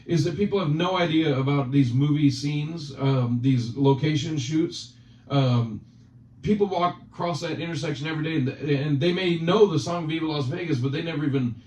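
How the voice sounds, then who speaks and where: A man's voice: a little high, a little mellow. A man hosting a casual chat, teasing his guest in joking banter. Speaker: channel host. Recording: roomy, distant, dull sound.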